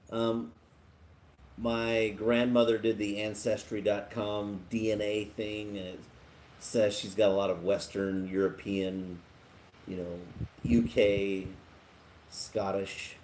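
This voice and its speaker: A man's voice: fairly low pitch, a little mellow, slight background noise. A man hosting a casual live stream, chatting and laughing as he reads viewer comments aloud. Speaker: livestream host.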